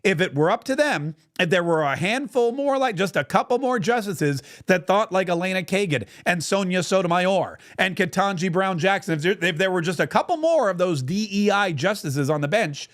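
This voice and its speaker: High-voiced sarcastic male political host. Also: lively intonation, moderate pace, hardly any pauses, a bit bright. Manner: sarcastic, emphatic, mocking. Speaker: podcast host. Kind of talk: political commentary.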